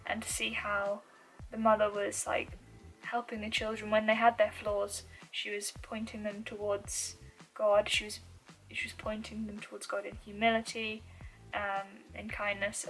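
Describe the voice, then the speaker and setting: A young woman from the UK chatting casually to camera about books she has read, with frequent ums and soft, trailing asides. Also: a little high, poor audio. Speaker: book vlogger.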